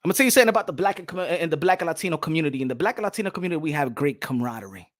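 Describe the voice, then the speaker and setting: A man from New York whose first language is Spanish, hosting a boxing talk show and ranting passionately to his panel, repeating himself and shouting at times. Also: fairly high pitch, expressive, rapid-fire. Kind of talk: livestream panel monologue.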